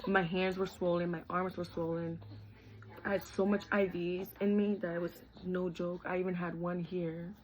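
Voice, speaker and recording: A woman's voice: fairly low pitch, flat delivery, normal speed, darkish tone, poor audio. Young woman candidly recounting a story. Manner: candid, heartfelt, chatty with many "like" and "literally". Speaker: vlogger. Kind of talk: personal storytelling vlog.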